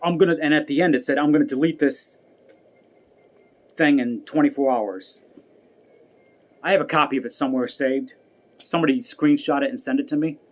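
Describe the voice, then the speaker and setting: A man sits alone venting to his viewers in a heated, profane rant. He repeats his points and swears often, and his tone never settles into calm. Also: a little high, fairly quick, long pauses. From United States. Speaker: vlogger. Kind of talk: angry personal rant to camera.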